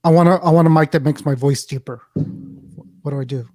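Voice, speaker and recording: Joking man with a slightly high voice. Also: fast talker, dark tone. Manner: joking, self-deprecating. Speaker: podcast co-host. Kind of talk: casual podcast chat.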